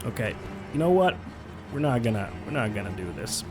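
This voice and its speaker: A man's voice: mid-range voice, very animated, a little fast, music in the background. A man chatting casually as he streams a video game and reads chat. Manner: chatty, swears often, reacts to chat. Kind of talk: casual gameplay commentary.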